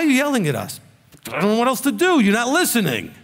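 A man's voice: very high voice, very animated, fairly quick, a bit bright. A male rabbi preaching a blunt, scolding sermon full of rhetorical questions. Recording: long hall reverb.

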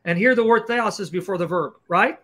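A man hosting a livestream Q&A and explaining grammar point by point in a fast, emphatic, combative lecturing style. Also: high voice, fairly bright tone. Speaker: Christian apologist host. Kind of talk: livestream teaching Q&A.

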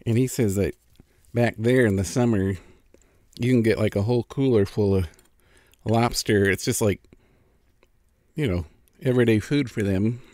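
A middle-aged man chats casually through an eating vlog, pausing to savor each bite. His voice sits a little low. The sound is dry and close, as if the mic is right beside him. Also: darkish tone, dry recording. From California. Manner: chatty, savoring food between remarks. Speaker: food vlogger.

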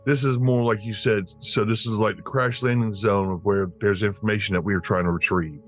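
A methodical man at a tabletop game, reading out travel rules step by step. His voice is fairly low. Faint music plays behind. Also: fairly even intonation, fairly quick. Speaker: player.

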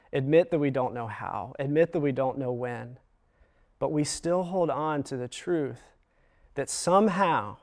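An earnest man delivers a chapel sermon at a measured pace. He slows down and pauses to let key lines land. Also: medium pitch, darkish tone. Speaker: chapel speaker.

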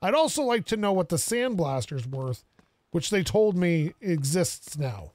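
A young man giving casual let's-play commentary, excitable and self-mocking, talking to himself as he plays. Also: sits high, unhurried. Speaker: gaming video creator.

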